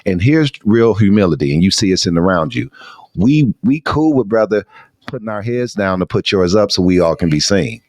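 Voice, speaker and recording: Male talk host, low pitch, emphatic and preachy, close dry mic. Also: lively intonation, brisk, a little mellow, no room sound. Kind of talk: casual interview chat.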